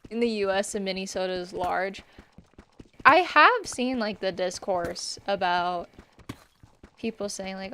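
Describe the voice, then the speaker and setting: Bright, gravelly-voiced woman streamer. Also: mid-range voice, expressive, unhurried, a little hiss or hum. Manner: rambling, chatting with viewers while playing. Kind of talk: casual gaming chat.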